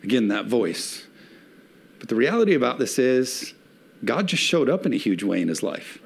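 A male pastor preaching a sermon with emphatic swells and slowed, stressed phrases, a father of young children. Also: medium pitch, big pitch swings, vocal fry, slightly rough.

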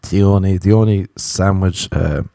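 A man's voice: low-pitched, fairly even intonation, moderate pace, creaky, dark tone, dry recording. A young Irish man in his twenties, rambling through a comedic solo chat, profane and self-mocking, close to the mic. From Ireland. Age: 20s.

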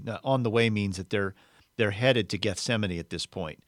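A man's voice: on the low side, normal speed, dry recording, studio quality. A man preaching a sermon, explaining a Bible passage in a conversational teaching manner.

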